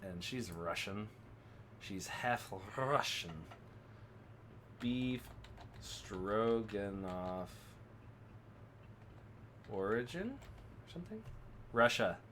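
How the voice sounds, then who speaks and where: A man's voice: lowish voice, huge pitch swings, takes it slowly, long pauses, bright, forceful tone. A man casually commenting while streaming a story game, chatty and joking. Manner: chatty, joking asides, playful. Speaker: streamer playing a visual novel. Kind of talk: casual let's-play commentary. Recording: noisy background hiss.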